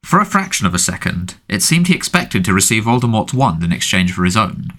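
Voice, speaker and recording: A man narrates a fantasy audiobook in a measured, dramatic manner. His pitch sits low, yet the tone is bright, with lively, animated intonation. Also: a little hiss or hum.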